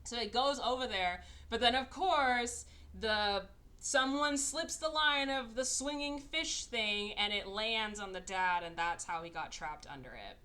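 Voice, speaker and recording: Woman podcast co-host with a bright, forward tone, recapping plots with animated storytelling. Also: on the high side, unhurried. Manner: animated storytelling, acting out characters' lines. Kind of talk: casual movie recap chat.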